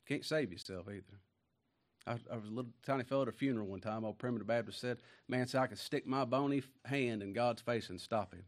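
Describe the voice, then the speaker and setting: Folksy preacher, booming then hushed. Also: male voice, lively intonation. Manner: folksy and conversational, swinging from hushed asides to booming emphasis; reads scripture slowly with stretched, weighty phrasing. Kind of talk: sermon.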